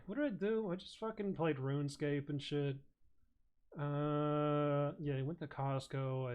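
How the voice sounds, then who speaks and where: A man streaming, telling a rambling, crude and absurd comic story full of swearing. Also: fairly high pitch. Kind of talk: casual comedic rant.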